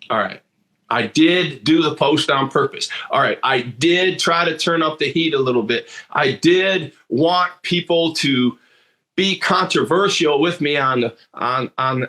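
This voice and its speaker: A man's voice: fairly high pitch, animated, measured pace, sharp tone. A man in his sixties from Michigan, telling a personal story in an earnest monologue full of restarts and repeated words. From Michigan, USA. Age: 60s. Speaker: motivational speaker.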